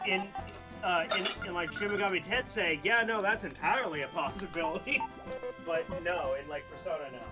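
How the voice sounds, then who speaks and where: Guy rambling in casual group chat, kinda high voice, bouncy, game music behind. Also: expressive, moderate pace. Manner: rambling, many likes and restarts. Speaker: friend chatting on stream call.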